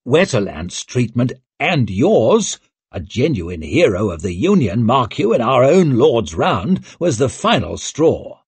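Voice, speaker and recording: A man voicing a smooth, scheming male nobleman who talks in a persuasive, calculating way. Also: mid-range voice, big pitch swings, unhurried, no room sound, heavily acted.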